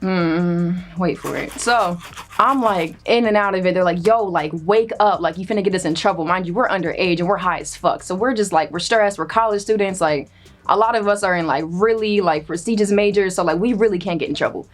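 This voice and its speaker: A young woman telling a comedic personal story in a casual, animated way, cursing freely and acting out what others said. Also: fairly low pitch, a little fast, soft background music. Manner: animated, profane, acts out quoted voices. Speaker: storyteller guest.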